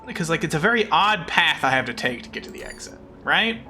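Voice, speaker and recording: A man's voice: on the high side, big pitch swings, fairly quick, pushed and bright. A man streaming a puzzle game in casual chat, frustrated and self-mocking, who swears often and thanks viewers as he plays. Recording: game stream with music behind.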